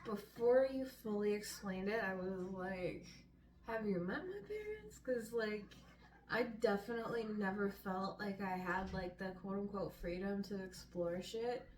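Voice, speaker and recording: A woman's voice: mid-range voice, fairly even intonation, measured pace, a little mellow, far from the mic, a little hiss or hum. A woman co-hosting a casual chat, wry and swearing offhandedly. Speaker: co-host. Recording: roomy sound from off-mic.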